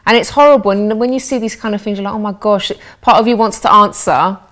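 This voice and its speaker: A woman with a London accent hosting a studio talk show, animated and quick to repeat words as she starts a thought. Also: mid-range voice. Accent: London English. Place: living-room studio.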